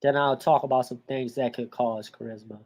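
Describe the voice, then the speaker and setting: A man's voice: medium pitch, a little fast. Man casually reacting to a video. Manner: thinking out loud, relaxed. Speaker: host.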